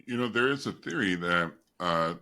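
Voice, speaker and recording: Deep-voiced guy hosting a podcast, bright edge, laid back, says "you know" a lot. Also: expressive, normal speed. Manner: easygoing, reflective, lots of "you know". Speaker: podcast host. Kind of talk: casual interview chat.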